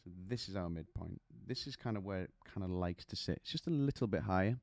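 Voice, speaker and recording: A male vocal coach talks through technique in a relaxed, chatty way, breaking into little demonstrations and stories. His voice sits low and mellow. The sound is dry and close. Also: fast, gravelly, no room sound. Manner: chatty, explains with demonstrations and anecdotes. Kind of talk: singing lesson to camera.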